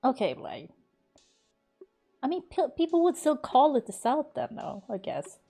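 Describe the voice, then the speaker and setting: A Swedish woman chats casually on a live game stream, her faint Swedish accent sitting under American-learned English; she laughs often and swears freely. Her voice is high-pitched and sing-song, unhurried, with vocal fry and a dark tone, and faint music plays behind her.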